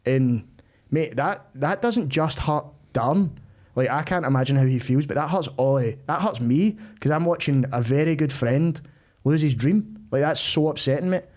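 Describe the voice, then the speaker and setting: Blunt, sweary comedian. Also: male voice, on the high side, normal speed, darkish tone. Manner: blunt and sweary, keeps saying mate. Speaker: comedian guest. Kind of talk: casual chat.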